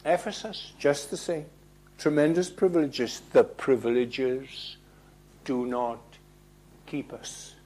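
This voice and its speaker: A man preaching a sermon, emphatic, asking rhetorical questions and swinging between loud declarations and hushed lines. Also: mid-range voice, slow, slight background noise.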